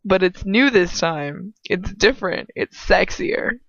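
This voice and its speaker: A woman's voice: medium pitch, lively intonation, takes it slowly, gravelly, no echo, dull audio. A woman reading fan fiction aloud in a casual, playful way, breaking off with goofy asides. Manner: goofy, playful, giggly interjections. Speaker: audiobook reader of fan fiction.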